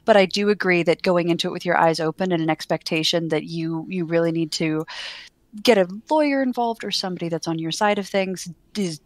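A young married woman in casual podcast chat, speaking in a measured, articulate way. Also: fairly low pitch, no echo. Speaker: podcast co-host.

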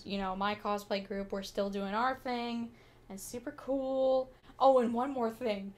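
Chatty young woman telling convention stories. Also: mid-range voice. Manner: chatty, animated, with frequent fillers and quoted dialogue. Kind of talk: casual storytelling vlog.

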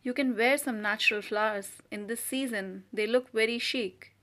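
Meek, coaxing young husband for a storybook reading, voiced by a woman in a fairly high, gentle read. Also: normal speed, close to an everyday voice. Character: timid, doting young male clerk husband.

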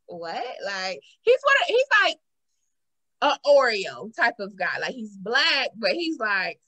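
A woman hosting a casual podcast chat, telling a story with animated acted-out quotes. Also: a little high, slow. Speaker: podcast host.

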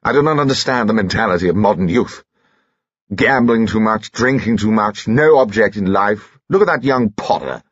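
A man voicing a pompous older gentleman, a former army officer with a disapproving manner. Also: very deep voice, animated, fast, creaky, husky, no echo, muffled recording, full character voice.

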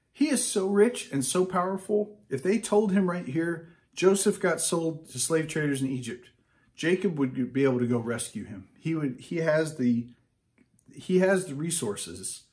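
Male preacher, mid-range voice, informal sermon delivery, animated asides, frequent restarts. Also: mid-range voice. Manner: conversational and animated, with restarts and scripture read aloud. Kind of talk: casual sermon.

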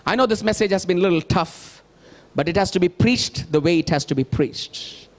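A man's voice: high voice, moderate pace. A male pastor, preaching a sermon emphatically and asking the congregation rhetorical questions.

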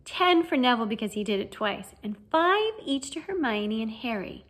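A woman reading an audiobook voices a calm, kindly male professor who gives brisk, raised classroom commands. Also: fairly high pitch. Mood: pleased.

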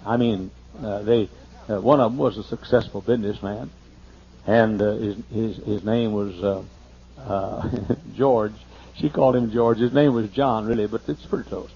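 A man pastor telling a humorous, folksy story during a sermon, slowing down to list items one by one. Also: fairly low pitch, fairly even intonation, dark tone, a little hiss or hum. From United States. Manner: folksy and humorous, lists things slowly. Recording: muffled older sermon tape.

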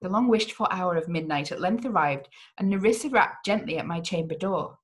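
A woman's voice: lowish voice, a little fast. A woman hosting a read-along, reading a gothic novel aloud with drama and the odd slip. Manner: dramatic reading with occasional slips.

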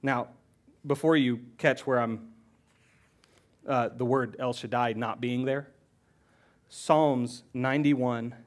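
A man's voice: medium pitch, steady tone, slow pace, long pauses. Emotional man preaching a sermon. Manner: emotional, swings from loud emphasis to hushed near-whispers. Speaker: pastor. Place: church.

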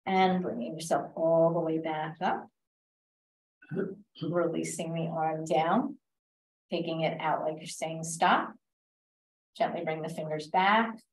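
A woman leads a stretch class, talking people through each move with calm, step-by-step cues and gentle reminders not to force anything. Her voice sits fairly low. The sound is roomy and echoey, and she is heard from some distance away from the mic. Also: takes it slowly, pauses often. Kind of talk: guiding an exercise class. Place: library class room.

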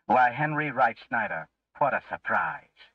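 A man's voice: medium pitch, expressive, unhurried, slightly rough, no echo, pitched above the performer's own voice. A man voicing a kindly older country woman who speaks soothingly, heard on a muffled recording from a distance.

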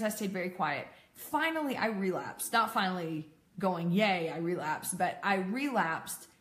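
A woman in her thirties speaks candidly to an audience as a peer support speaker, laughing often and making self-deprecating asides. Her voice is a little high and a bit bright, and the room is echoey.

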